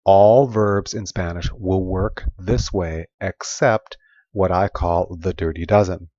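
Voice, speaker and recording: Man, deep low voice, patient Spanish teacher, repeats examples slowly, dry dull lo-fi recording. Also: steady tone, dark tone, no echo. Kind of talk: recorded grammar lesson.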